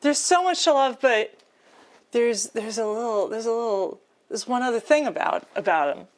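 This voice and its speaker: Woman streamer, casual chat with viewers while cooking; excitable and giggly, laughing as she talks, a bit high with a very bouncy, animated delivery. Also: normal speed. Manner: excitable and giggly, often laughing mid-sentence; chatty, addresses viewers as y'all and chat. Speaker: live streamer.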